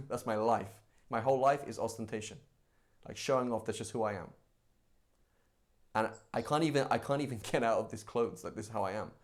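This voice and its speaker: A man teaching a live religious class in a conversational, animated way, acting out everyday examples. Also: lowish voice, a little fast. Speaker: Islamic teacher.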